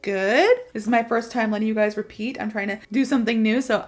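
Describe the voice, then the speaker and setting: A woman's voice: a little high, fairly even intonation, a little fast. A young American woman teaching English phrases in a chatty, playful way, repeating her example sentences for the viewer. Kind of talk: online English lesson.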